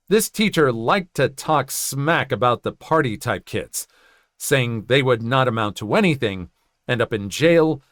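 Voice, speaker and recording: A man's voice: medium pitch, dry recording, studio quality. A man narrating a first-person story in a conversational way, with joking asides.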